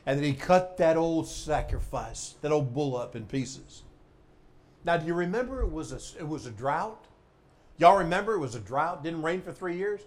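A male preacher delivering a sermon with dramatic swings between loud exclamations and hushed emphasis. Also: fairly high pitch, animated, normal speed.

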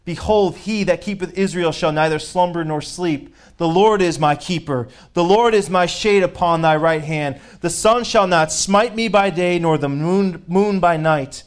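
A man's voice: sits high, unhurried, few pauses, smooth. A man preaching a sermon and reading scripture aloud, emphatic, rising on key phrases and repeating words as he builds a point.

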